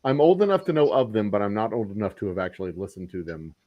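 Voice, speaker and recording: A man's voice: on the low side, fast, dull audio, over a noisy crowd. A middle-aged man hosting a whiskey talk show, chatting casually in a blunt, profane way. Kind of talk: casual chat.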